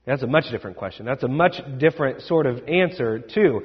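A man's voice: mid-range voice, expressive, brisk, breathy edge. A man preaching a sermon as pastor, in a conversational, self-deprecating storytelling manner. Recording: echoey hall, dull sound.

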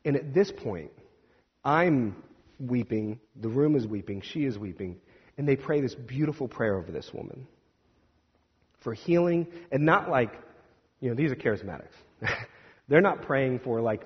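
A male minister tells a story from the pulpit, hesitating and restarting, then slipping into the voices of the people he quotes. His voice has a husky edge and sits at a middle pitch. It is heard through a dull, lo-fi recording with a long hall reverb. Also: expressive, normal speed, pauses often. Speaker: Presbyterian minister. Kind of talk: sermon storytelling.

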